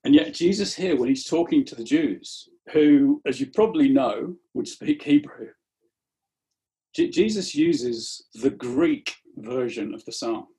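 A man's voice: medium pitch, lively intonation, unhurried, warm tone. A man preaching a sermon in an earnest tone, often repeating the first words of a phrase as he starts it.

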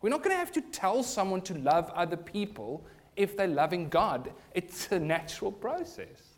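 A man's voice: high-pitched, very animated, moderate pace. A man preaching a sermon to his congregation in church, earnest and rising to emphatic bursts. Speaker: pastor.

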